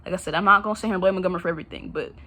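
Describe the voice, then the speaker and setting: A woman's voice: fairly low pitch, rapid-fire, sharp tone. A young woman, ranting bluntly and profanely in a casual monologue, calling her viewers out. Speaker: vlogger.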